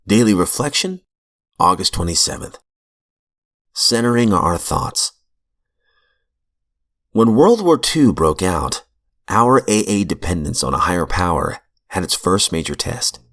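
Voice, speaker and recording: A man reading aloud from a recovery book in a measured, earnest way, with brief asides, into a close mic in a small room. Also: low-pitched, sing-song, fairly bright tone. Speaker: reader of recovery literature.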